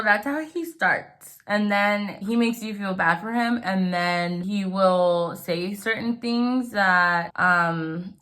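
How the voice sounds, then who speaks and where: Young woman doing a get ready with me storytime, bright voice, talks super casual with lots of like and you know. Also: mid-range voice. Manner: chatty, heavy use of "like" and "you know"; acts out quoted friends in livelier voices. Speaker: vlogger.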